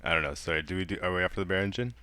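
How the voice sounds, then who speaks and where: A man's voice: sits low, rapid-fire, pushed and bright, clear, resonant tone. A man playing in a tabletop game, chatting and joking casually. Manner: laughs often, jokey. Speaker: player. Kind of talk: casual chat.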